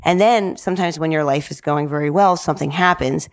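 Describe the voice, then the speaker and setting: A middle-aged woman from New Jersey, a guest telling stories in an animated, chatty way, often saying "like". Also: sits low, fairly quick. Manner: lively, says "like" often, acts out quoted dialogue. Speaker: guest, public art director. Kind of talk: animated storytelling in casual chat.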